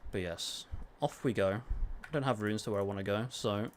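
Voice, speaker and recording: Playing a game on stream, a young man with a lowish voice talks at a moderate pace, relaxed, answering chat questions and casually dropping the occasional swear. A little hiss or hum sits under the audio.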